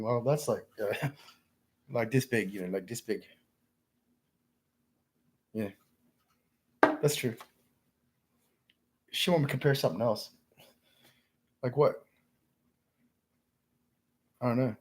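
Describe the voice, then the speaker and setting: Raspy husky man, lively swooping pitch, rambling profane livestream talk, keeps saying man. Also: normal speed, long pauses. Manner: insists his stories are true. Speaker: livestream host. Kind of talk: rambling casual storytelling to viewers.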